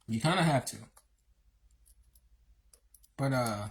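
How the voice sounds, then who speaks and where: A husky-voiced man talks alone into his livestream, preaching in loose, slangy runs full of fillers. His voice sits at an ordinary middle pitch and keeps a casual, unscripted flow. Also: lively intonation, slow. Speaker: livestream host.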